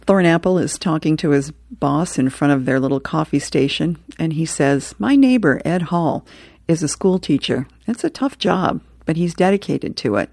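A woman's voice: sits low, normal speed, a little mellow, no room sound, clean studio sound. Chuckling woman reading comics aloud. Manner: chuckles between items, reads comic strips aloud. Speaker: radio host reading comics.

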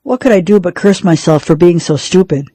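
A woman reading a novel aloud for a radio reading service, in a measured storytelling manner. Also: fairly low pitch, warm tone, dry recording, low-quality recording. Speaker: radio reader.

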